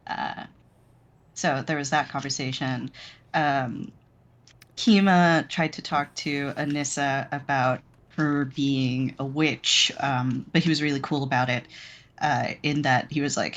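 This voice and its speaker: A woman's voice: very deep voice, fairly even intonation, a little slow. A woman player giving a rambling, casual recap of a tabletop game, with many fillers. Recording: dull lo-fi sound.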